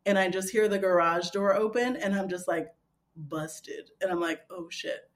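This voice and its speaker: A woman's voice: fairly low pitch, moderate pace. A woman in her thirties telling a story casually as a podcast guest, acting out what others said, with many fillers. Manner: animated, quoting others in dialogue, frequent fillers.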